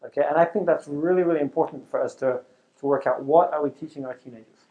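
Man, middle-aged, youth ministry leader, somewhat high voice, animated, conversational, live talk. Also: quick pace, muffled recording. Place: talk in front of a live audience.

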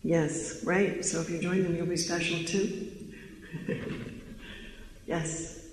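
A man's voice: fairly high pitch, little pitch movement, slow pace. A man teaching a live audience in a large room, earnest and questioning, drawing the listeners in, recorded in an echoey hall. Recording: echoey hall, faint noise.

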